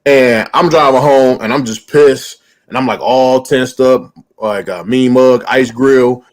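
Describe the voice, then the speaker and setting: A man's voice: mid-range voice, measured pace. A man hosting a podcast, chatting casually and telling a story with lots of fillers and cursing. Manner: loose, profane, lots of "like" fillers. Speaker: podcast host.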